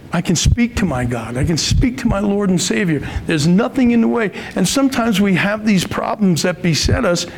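A man preaching in a relaxed, conversational sermon, his voice slightly high with a gravelly edge. He talks earnestly, lifting his pitch to stress points and acting out his own prayers aloud. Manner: earnest, rises in pitch for emphasis, acts out prayers.

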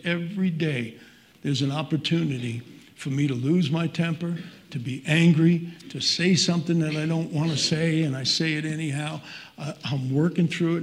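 A middle-aged man preaching a sermon as pastor, earnest and conversational, reading scripture aloud between personal asides. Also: fairly high pitch.

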